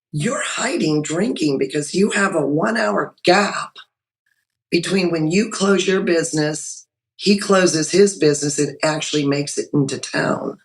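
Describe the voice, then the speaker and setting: A woman's voice: on the low side, poor audio. Chatty woman guest telling her story. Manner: chatty, lively storyteller with many restarts. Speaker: podcast guest. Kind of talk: personal story told in conversation. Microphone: video call.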